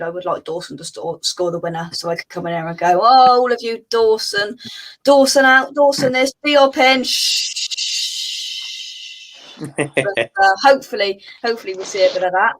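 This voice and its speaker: A woman's voice: medium pitch, poor audio. Woman, fan show host, chatty, casual, reads viewer comments, ums and uhs. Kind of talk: live fan show chat.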